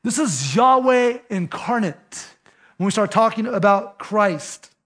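A man delivers a sermon in a fairly high-pitched voice. He preaches emphatically and conversationally, speaking directly to his listeners. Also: expressive, takes it slowly, a bit bright. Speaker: pastor.

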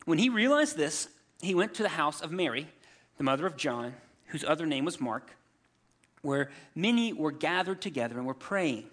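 A man in his thirties preaching a sermon, telling scripture stories in a lively, humorous way and acting out the characters. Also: on the high side, moderate pace. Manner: animated storytelling, acts out scripture characters with humor. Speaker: pastor.

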